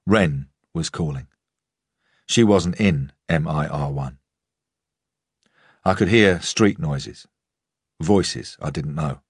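A male narrator reads a first-person novel in a measured, understated way. His voice is very low and husky. The recording is close and dry. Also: dry recording. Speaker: audiobook narrator.

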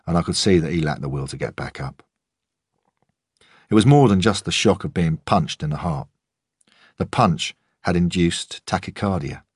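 A man reading a first-person story aloud in a calm, measured way. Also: a bass voice, breathy edge, no echo, clean studio sound. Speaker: audiobook narrator. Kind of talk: first-person audiobook narration.

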